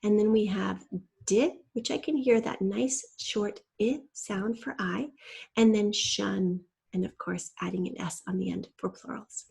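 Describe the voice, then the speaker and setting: A woman's voice: medium pitch, measured pace, gravelly, a little mellow, slightly rough. A woman teacher giving a patient, step-by-step spelling lesson and spelling out letters from a shared document.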